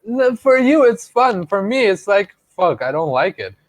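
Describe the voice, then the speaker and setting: A man's voice: high-pitched, big pitch swings, normal speed. A young man, co-hosting a podcast. He teases his friend, laughs a lot and drives his points home with "okay?". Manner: teasing, laughing, emphatic "okay?". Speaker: podcast co-host. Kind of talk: casual chat.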